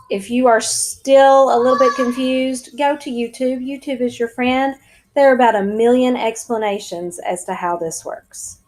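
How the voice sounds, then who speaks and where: A woman with a fairly high voice teaches a recorded lesson. She speaks slowly and spells things out, direct and brisk in tone, with now and then a dry joke. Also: darkish tone, low-quality recording. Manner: brisk, direct, lightly joking. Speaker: Spanish teacher.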